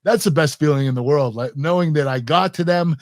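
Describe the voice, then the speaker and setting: An American man in his fifties tells stories in a relaxed interview, lively and often laughing. His voice sits a little high and is recorded dry and close, with no room sound. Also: fairly quick, dry recording. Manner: animated, laughs often, acts out quoted lines. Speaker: guest, retired pro wrestler. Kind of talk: casual interview storytelling.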